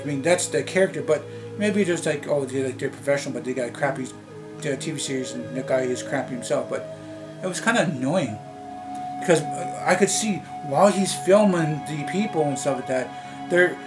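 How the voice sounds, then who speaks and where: A man with a fairly high voice rants casually to the camera about a film, rambling and irritated. He keeps restarting his sentences and leans on fillers as he goes. Music plays clearly underneath his voice. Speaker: vlogger. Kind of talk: casual movie rant to camera. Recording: music playing clearly behind the voice.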